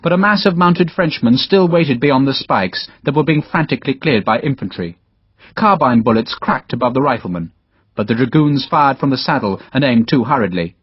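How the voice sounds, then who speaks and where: Husky male audiobook narrator. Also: mid-range voice, expressive, moderate pace, dry recording. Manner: dramatic storytelling, voices all characters. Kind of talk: scripted narration. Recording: dull, dry lo-fi audiobook recording.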